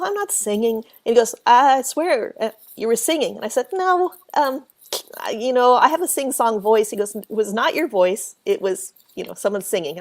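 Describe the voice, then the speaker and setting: A woman with a slightly high voice tells a spooky tale in a relaxed interview. She is animated, acts out the quoted voices and laughs often. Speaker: author and paranormal researcher, guest. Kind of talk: casual storytelling interview.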